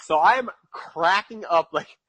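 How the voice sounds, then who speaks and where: A man's voice: high-pitched, unhurried, bright, forceful tone, husky. A man from New York, a podcast guest, telling a casual story with lots of repetition for emphasis and laughing at his own mishaps.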